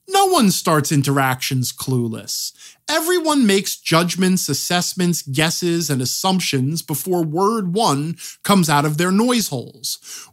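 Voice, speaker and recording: Wry, lively tabletop game teacher. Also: medium pitch. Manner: wry, self-mocking asides, occasional swearing. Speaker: game master advice teacher. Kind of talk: tutorial monologue on tabletop role-play.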